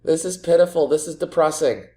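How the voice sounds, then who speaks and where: A man's voice: a little high, brisk, dark tone. A man commentating as he plays a football management game, sarcastic and exasperated, often ranting at his own team. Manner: sarcastic, exasperated self-mocking rants. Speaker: gaming video creator. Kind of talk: let's play commentary.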